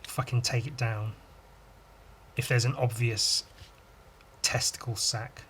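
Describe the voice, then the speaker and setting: A man's voice: medium pitch, little pitch movement, takes it slowly, fairly bright tone, a little hiss or hum. A man hosting a drawing podcast, rambling on his own and telling crude, self-mocking jokes while he works. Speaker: podcast host and illustrator. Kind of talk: casual drawing-podcast monologue.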